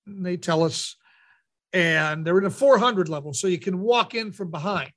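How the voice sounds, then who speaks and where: High-voiced man telling a story on air. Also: moderate pace. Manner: animated anecdote teller, acts out quotes. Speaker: radio host.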